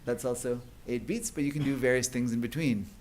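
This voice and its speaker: A man's voice: mid-range voice, brisk, a little mellow. A man giving an academic lecture at a conference. He explains at length, with many fillers and restarts. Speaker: conference speaker.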